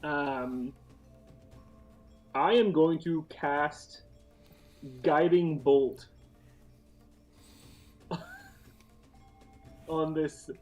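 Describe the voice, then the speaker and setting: A young man plays a tabletop game and asks about the rules. He pauses and hesitates often, and his voice sits a touch high. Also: darkish tone, highs cut off, soft background music. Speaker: player. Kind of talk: casual tabletop game chat.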